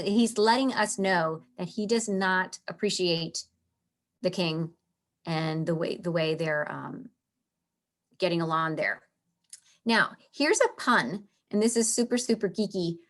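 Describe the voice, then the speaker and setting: Chatty woman teaching a literature lesson. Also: medium pitch. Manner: chatty, many fillers and restarts. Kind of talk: casual explanatory lesson.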